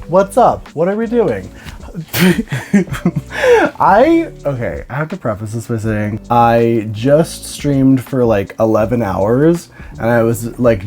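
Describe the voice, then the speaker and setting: A young woman hosts a casual doll unboxing vlog, tired yet bubbling with excitement. Her pitch swings widely as she talks. She swears freely and breaks into laughter often. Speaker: doll collector and reviewer.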